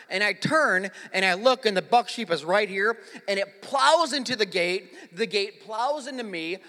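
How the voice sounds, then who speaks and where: A man's voice: high voice, bright, forceful tone. A young male pastor preaching a sermon, telling stories energetically and leading the congregation in call-and-response, recorded in a church sanctuary. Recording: echoey church hall.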